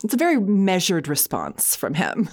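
Low-pitched woman podcast co-host, lively, wry delivery. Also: normal speed. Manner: laughs easily, short wry replies. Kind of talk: casual podcast chat.

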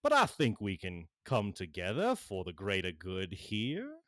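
A folksy, persuasive boss who coaxes people along, as a man puts him on. The voice is low and drawn out, recorded dry and close. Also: wildly swooping pitch, unhurried, a bit bright, no room sound, exaggerated voice. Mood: placating.

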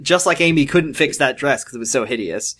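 Bright-voiced, teasing male podcast host. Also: mid-range voice, animated, brisk. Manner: wry, teasing. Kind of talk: comedic podcast banter.

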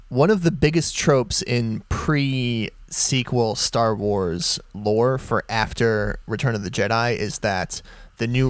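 A man co-hosting a podcast in casual chat, jokey and quick to laugh. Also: medium pitch, no echo. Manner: laughing, jokey, tries bad impressions. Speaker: podcast co-host.

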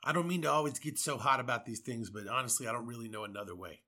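A man's voice: medium pitch, fast talker, sharp tone. A man from the United States, a podcast host, delivering an angry, profane political rant with sarcastic asides.

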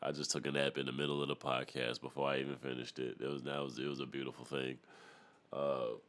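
Young male podcast host, booming low voice, loose profane rambling monologue. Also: quick pace. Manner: profane, animated ranting with laughs. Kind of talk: casual solo podcast rant.

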